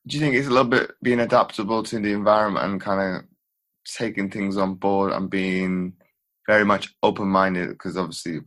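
A man's voice: low voice, steady tone, brisk, a bit bright. A man interviewing a coach, asking long, rambling questions.

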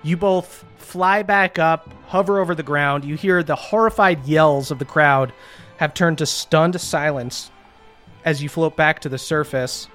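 A man's voice: fairly high pitch, measured pace, soft background music. A laid-back man running a tabletop game. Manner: relaxed and easily amused. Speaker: game master.

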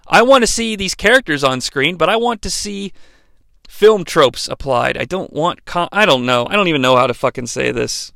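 A man's voice: high voice, animated, moderate pace, gravelly, fairly bright tone, dry recording. A man giving a casual, profane and rambling spoken movie review, full of restarts and asides. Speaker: film reviewer.

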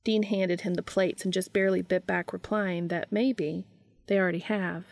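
A woman reading a story aloud in a calm, even storytelling manner, close to the mic. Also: fairly low pitch, moderate pace, creaky, dry recording. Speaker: reader. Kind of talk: reading fan fiction aloud.

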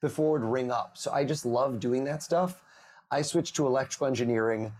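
A man in his thirties, a mentalist guest on a podcast, telling lively stories and acting out the people in them. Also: mid-range voice, a little fast. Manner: animated storyteller, acts out quoted voices. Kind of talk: podcast interview over video call.

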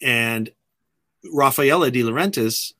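Man, filmmaker guest, lively anecdotes, frequent restarts, mid pitch, dry close sound. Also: takes it slowly, dry recording. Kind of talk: casual interview storytelling.

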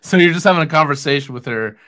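A man's voice: a little high, animated, quick pace, sharp tone. A male podcast co-host listening with short, incredulous interjections and teasing questions. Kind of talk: casual chat, reacting.

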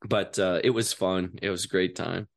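A man in his fifties, an actor being interviewed in a podcast studio, telling animated stories, acting out other people's voices and laughing often. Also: sits low, normal speed, gravelly. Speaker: guest actor. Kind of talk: casual interview storytelling.

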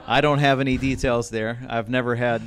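A man's voice: mid-range voice, fairly even intonation, a little fast, a bit bright, a little hiss or hum. A man hosting an interview at a museum, recapping games in a casual way and then asking his guest questions.

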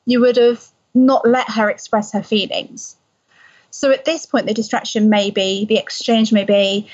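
A woman explaining parenting advice in a calm, gentle conversational way. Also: mid-range voice, measured pace. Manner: calm, gentle, soothing when voicing a parent. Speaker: parenting expert guest. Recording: slightly dull lo-fi sound.

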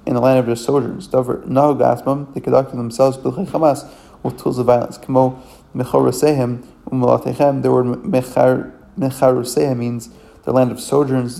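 A man with a gravelly, dark-toned voice teaches a religious text. He reads each verse aloud, then translates it phrase by phrase. His delivery is halting, with frequent fillers and self-corrections. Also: mid-range voice. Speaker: Torah teacher.

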